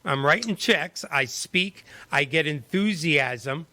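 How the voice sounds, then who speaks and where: A man hosting a panel discussion, asking energetic, rapid-fire questions. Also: on the high side, no room sound. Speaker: show host.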